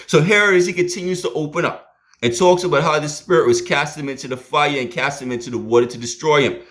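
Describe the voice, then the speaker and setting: Man, preaching, dramatic loud-and-soft swings, street talk. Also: on the high side, fast talker. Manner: dramatic, swings between loud emphasis and hushed asides. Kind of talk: sermon.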